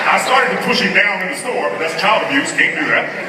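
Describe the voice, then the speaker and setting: A man giving an animated comic storytelling speech to a live audience in a large hall. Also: fairly high pitch, fast, few pauses, recorded from a distance, very noisy. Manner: animated, rising to mock outrage. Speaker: conference speaker. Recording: echoey hall, speaker heard from afar.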